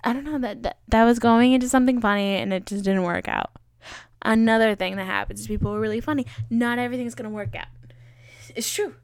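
A woman's voice: fairly high pitch, quick pace, clear, resonant tone, no room sound, clean studio sound. A woman hosting a solo podcast, rambling and joking about herself with lots of fillers. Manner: rambling, joking and self-mocking; chatty with many fillers. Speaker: podcast host. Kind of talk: casual solo podcast chat.

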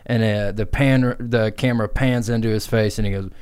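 A man's voice: on the low side, steady tone, normal speed, darkish tone, clean tone. A man co-hosting a comedy podcast, telling a crude improvised story in a rambling way. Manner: rambling, crude, giggling asides. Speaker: podcast co-host.

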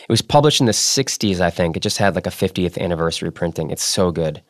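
A man hosting a podcast, reading a novel excerpt in a measured way and then chatting loosely and jokingly. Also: low voice, lively intonation, no echo, clean studio sound. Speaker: podcast host. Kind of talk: reading aloud and casual chat.

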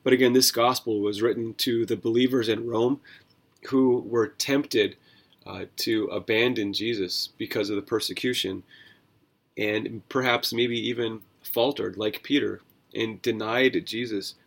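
A man's voice: on the low side, fairly even intonation, measured pace, gravelly. A man hosting a devotional Bible podcast, talking in an earnest, conversational way with asides and self-corrections. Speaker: podcast host.

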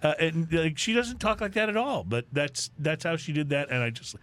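A man's voice: on the high side, moderate pace, slight background noise. A man co-hosting a podcast, casually chatting and reading out comic news stories. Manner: jokey, animated storyteller. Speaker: podcast co-host.

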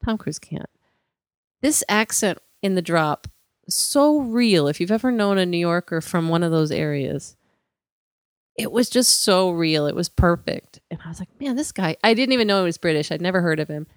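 A woman's voice: fairly low pitch, animated, normal speed, dry recording, studio quality. A woman co-hosting a podcast in casual chat, rambling and chatty with lots of fillers. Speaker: podcast co-host.

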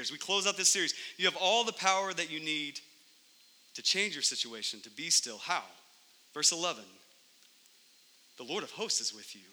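A man with a slightly high, very bright voice preaches to his church, punching key words loudly and then dropping to a hush. His voice rings out in a large hall with a long reverb. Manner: emphatic preaching, swings between loud peaks and soft drops. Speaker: pastor. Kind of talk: sermon.

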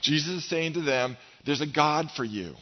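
A middle-aged male pastor preaching a sermon with passion. He raises his voice for scripture quotes and drops low and soft when telling personal stories. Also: moderate pace. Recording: dull, long reverb in a large hall.

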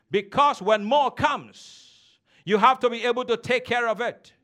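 A man's voice: very high voice, sharp tone. A man preaching a sermon as a pastor, emphatic and teasing, calling on the congregation to respond.

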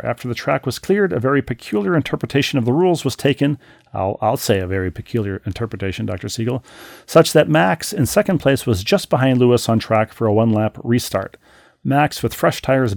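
Gravelly podcast co-host, wry and animated. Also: male voice, medium pitch, dry recording. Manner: wry, animated storytelling with frequent restarts. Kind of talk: casual podcast chat, reading listener mail aloud.

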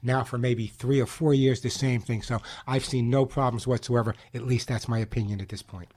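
A man hosting a call-in pet radio show, giving emphatic advice with quick jokes. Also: medium pitch, fairly even intonation, a little mellow.

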